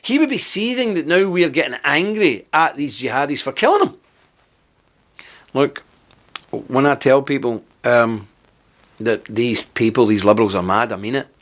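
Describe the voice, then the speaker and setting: A man's voice: medium pitch, animated, moderate pace, pauses often, fairly bright tone. A man giving a heated, scornful video commentary, sarcastic and full of contempt as he rants. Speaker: political commentator.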